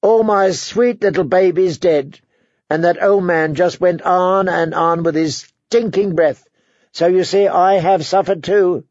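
A male narrator putting on a sharp, suspicious noblewoman, bitter and self-pitying, who wheedles one moment and pries the next. The voice sits a little high and clipped, heard dry and slightly dull, as in a close-miked audiobook recording. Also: a little slow, dry recording.

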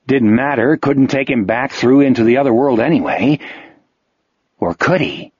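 A man reading an audiobook in steady scripted narration. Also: medium pitch, normal speed, husky, no room sound, dull audio.

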